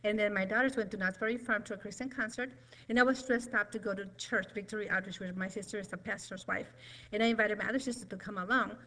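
A woman's voice: medium pitch, fairly even intonation, quick pace, pushed and bright, low-quality recording. A middle-aged woman giving a nervous, rambling, emotional personal testimony in church.

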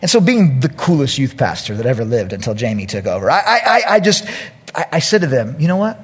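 A male pastor preaching a sermon, telling a funny story and acting out the quotes loudly. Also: medium pitch, big pitch swings, fairly quick, husky.

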